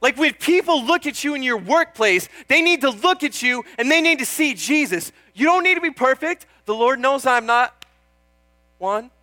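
A man's voice: very high-pitched, animated, moderate pace, sharp tone, no room sound. A young man preaching a sermon in an earnest, chatty way, often calling out "Amen?" and joking about himself. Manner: self-deprecating, laughs at himself.

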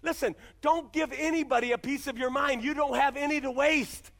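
Very high-voiced, bright male preacher. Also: fairly even intonation, moderate pace, vocal fry. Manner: emphatic preaching with repeated rhetorical questions. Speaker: pastor. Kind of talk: sermon. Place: church.

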